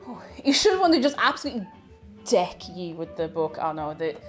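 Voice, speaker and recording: A woman's voice: lowish voice, big pitch swings, fairly quick, soft background music. A woman with an Irish accent casually chatting with her livestream viewers while baking, playfully greeting them by name. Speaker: livestream host.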